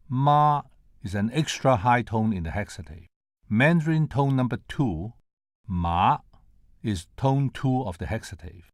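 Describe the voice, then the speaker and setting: A man's voice: mid-range voice, a little mellow, no room sound, studio quality. An older man from Hong Kong giving a prepared conference lecture, carefully sounding out tones and syllables one at a time to demonstrate them. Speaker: presenter at a conference.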